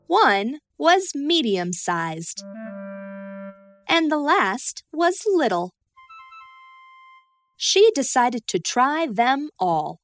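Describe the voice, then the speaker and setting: A woman tells a children's storybook in a high, slow, very lively voice, lingering over each phrase. Her tone swings up and down in a sing-song way. Soft music plays quietly beneath her.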